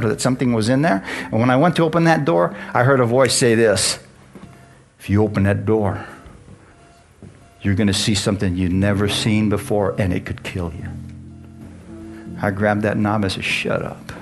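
A male pastor preaching a sermon in a conversational way, asking the congregation questions as he goes. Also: medium pitch. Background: guitar music.

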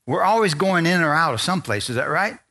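A man's voice: a little high, expressive, brisk, vocal fry, sharp tone. Conversational male pastor preaching a sermon. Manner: conversational preacher, asks congregation for amens.

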